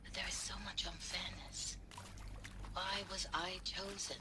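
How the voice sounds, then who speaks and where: A woman voicing a troubled art historian who speaks solemnly and asks measured questions in a game audio log. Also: lowish voice, steady tone, background noise, close to an everyday voice.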